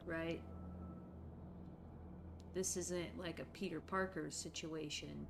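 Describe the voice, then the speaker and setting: A woman's voice: on the low side, fairly even intonation, takes it slowly, gravelly, pauses often, background noise. A woman playing a tabletop game, talking casually and joking. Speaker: player.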